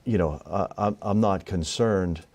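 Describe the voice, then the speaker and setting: A man, a minister, telling a spiritual story in an interview, earnest and halting with frequent restarts. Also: sits low, a little mellow.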